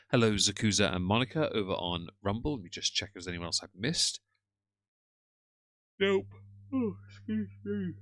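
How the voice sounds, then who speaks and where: A man's voice: fairly low pitch, sharp tone, dry recording. A man hosting a live stream in a casual, chatty way. He greets viewers by name between sarcastic, mocking asides.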